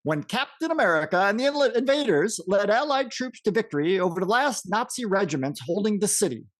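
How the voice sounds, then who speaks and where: A man doing a grand 1940s war radio reporter. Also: high voice. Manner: formal, measured newsreel delivery. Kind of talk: 1940s radio announcer impression.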